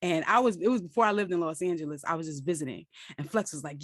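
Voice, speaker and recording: A woman hosting a podcast, telling stories in a casual, animated, self-mocking way and laughing often. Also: low-pitched, quick pace, few pauses, no room sound, clean studio sound. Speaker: podcast host. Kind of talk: casual storytelling interview.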